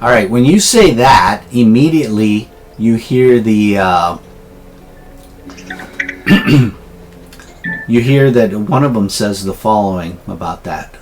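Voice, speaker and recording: A man's voice: on the low side, animated, slow, long pauses, faint music behind. A man running a tabletop game as game master, describing scenes with frequent restarts.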